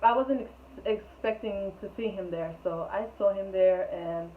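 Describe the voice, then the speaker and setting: A young storytelling vlogger rambles through a casual storytime, laughing often as she goes. Her mid-range voice runs at a moderate pace, and the audio sounds tinny and phone-like with faint noise.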